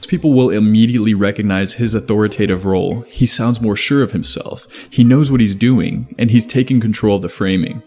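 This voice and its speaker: A man narrating a scripted video essay in a measured, even explanatory way. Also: on the low side. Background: faint background music.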